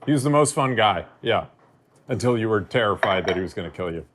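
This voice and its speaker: A young man, a guest on the show, recalling road stories in a relaxed, casual way. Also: on the low side, fairly quick. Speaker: guest, former assistant. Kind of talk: casual chat.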